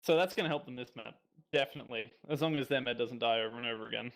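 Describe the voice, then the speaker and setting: Bright-voiced esports analyst. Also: male voice, mid-range voice, very fast, gravelly, rough recording. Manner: chatty, analytical, casual slang. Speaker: esports colour commentator.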